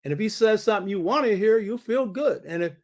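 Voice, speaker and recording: An older man with a slightly high voice speaks as the host of his own show. He delivers a lecture-style monologue from his home study. He talks emphatically and repeats phrases to drive points home. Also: animated, quick pace.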